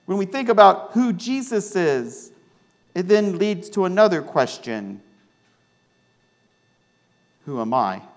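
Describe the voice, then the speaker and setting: A male pastor with a Midwestern American accent delivers a sermon, slipping into a personal story. His voice sits a little high and swings widely as he acts out what people said. The delivery is lively and conversational. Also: a little slow.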